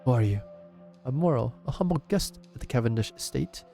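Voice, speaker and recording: Man reading smug aristocrat villain, mocking formality, mellow tone, faint game music behind. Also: medium pitch, expressive, a little fast, creaky. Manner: overly polite, mocking formality. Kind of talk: reading game dialogue aloud.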